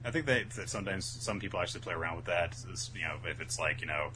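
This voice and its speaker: A man co-hosting a casual podcast, recapping a manga in a laid-back way and slipping in quick voiced asides for the characters. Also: sits low, noisy background. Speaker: podcast co-host.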